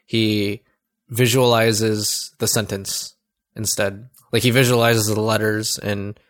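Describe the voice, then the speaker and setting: A man's voice: lowish voice, level tone, slow pace, fairly bright tone. A young man in his twenties, chatting casually as a co-host and laughing often. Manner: laughs often, tries out quoted voices. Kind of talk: casual chat.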